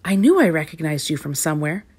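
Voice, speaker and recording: A cheerful, slightly fussy male adventurer gives quick, good-natured orders. The voice sits low. A woman reads him in a storybook. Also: big pitch swings, darkish tone, husky, exaggerated voice. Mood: brisk. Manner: brisk, genial commands.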